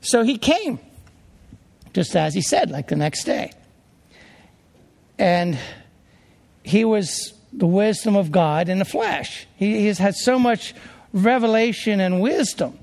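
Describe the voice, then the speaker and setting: A man's voice: sits high, animated, slow pace, vocal fry, long pauses, a little mellow, long reverb tail. A man from Pennsylvania, a pastor telling a story in an earnest, conversational sermon with frequent restarts.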